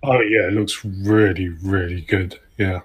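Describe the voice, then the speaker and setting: This is a man talking casually on a gaming podcast. He speaks in an easygoing, halting way, with frequent ums. His voice sits slightly low. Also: steady tone, breathy edge. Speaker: podcast co-host.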